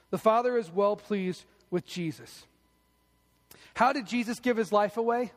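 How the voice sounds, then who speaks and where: A male pastor preaching a sermon in a church, telling animated stories and delivering lines with emphasis. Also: sits high, long reverb tail. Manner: animated storytelling, emphatic, acts out quotes.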